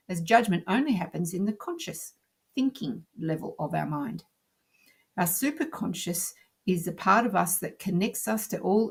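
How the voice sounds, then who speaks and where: Calm husky woman narrating a lesson. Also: lowish voice. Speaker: teacher. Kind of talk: scripted narration.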